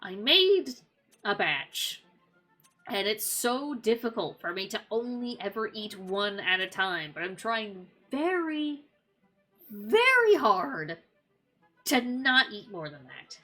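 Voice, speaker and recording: A woman's voice: medium pitch, big pitch swings, slow pace, pushed and bright, faint music behind. A woman streamer chatting casually while gaming, rambling with many likes and ums. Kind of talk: casual gameplay chat.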